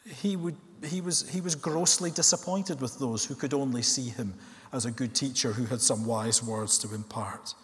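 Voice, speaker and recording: A man preaching a sermon in a church, earnest, asking rhetorical questions and slowing down to stress key words. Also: medium pitch, steady tone. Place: church hall. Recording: long reverb of a church hall.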